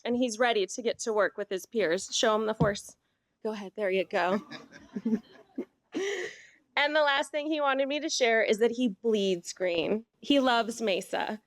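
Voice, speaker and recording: Woman teacher at a podium; warm, playful speech, bright higher voice, close dry mic. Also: no room sound. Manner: warm, playful, coaxing a student along. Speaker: teacher and sports leadership coordinator. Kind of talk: award speech.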